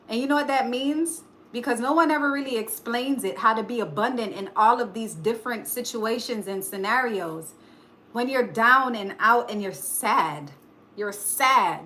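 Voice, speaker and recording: A woman with a bright, fairly high voice gives a live tarot reading. She speaks emphatically, like a preacher, and swears casually. Faint noise hums behind her. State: choked up. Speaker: tarot reader.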